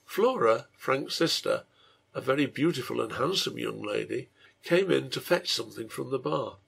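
Gravelly man reading a serial story. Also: mid-range voice, animated, moderate pace, a bit bright. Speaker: reader and translator.

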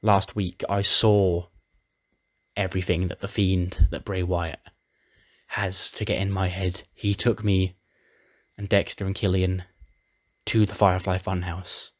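A man voicing a dark male wrestler who speaks slowly and broodingly, defiant and a bit unhinged. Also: low voice, flat delivery. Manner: slow, brooding.

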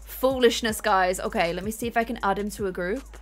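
A woman's voice: medium pitch, a little fast, soft background music. A woman playing a life-sim game and commenting, theatrical, playfully menacing and giggly. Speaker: gaming YouTuber. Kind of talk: playful let's-play commentary.

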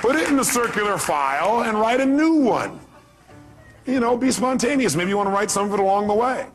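High-voiced, emphatic motivational speaker. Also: male voice, animated, fairly quick, over music, crowd noise. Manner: emphatic, fires rhetorical questions at the audience. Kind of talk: live seminar talk.

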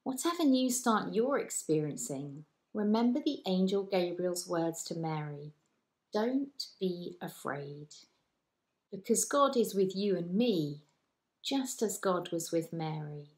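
A woman vicar giving a gentle children's talk and telling a Bible story slowly. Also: lowish voice, expressive. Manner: gentle, slow, storyteller's delivery.

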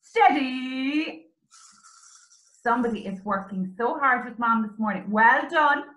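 A woman teaching young children, animated and sing-song, with exclamations and little songs. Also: a little high, fairly quick. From Ireland. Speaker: early years teacher. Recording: roomy echo.

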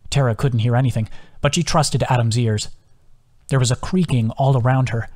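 An author narrates his own novel as an audiobook in a medium-pitched voice. His reading stays even and measured, with quoted lines delivered in a hush.

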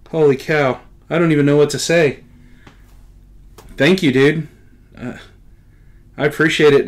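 A middle-aged man in casual unboxing chat, a comic book collector who talks in a talkative way and keeps exclaiming with excited gratitude. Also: a little high.

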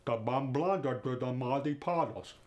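A man putting on a heavy Russian accent, repeating words and phrases slowly and deliberately. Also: medium pitch, a little mellow, lightly acted. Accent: put-on Russian accent. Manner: slow, deliberate, clipped repetition of words.

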